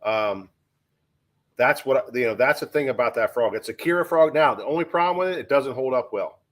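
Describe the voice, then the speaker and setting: A man's voice: medium pitch, brisk. A man co-hosting a live fishing show, chatting casually in a rambling, repetitive way. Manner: rambling, repeats himself, joking. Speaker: co-host. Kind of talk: casual live-stream chat.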